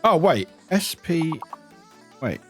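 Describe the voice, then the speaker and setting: A man from the UK streams from home and chats away with his viewers as he plays, upbeat and friendly. His voice sits fairly high for a man and swings up and down a lot. Soft music runs quietly behind him. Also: sing-song, takes it slowly, breathy edge. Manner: chatty and upbeat, greets viewers, laughs often. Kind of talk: casual live-stream chat while playing a word game. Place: home room with a cat nearby.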